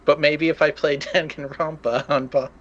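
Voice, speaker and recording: A man's voice: fairly high pitch, flat delivery, normal speed, a bit bright, lo-fi sound. A man co-hosting a podcast in casual chat, playful and giggly, trading toilet humor. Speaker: podcast co-host.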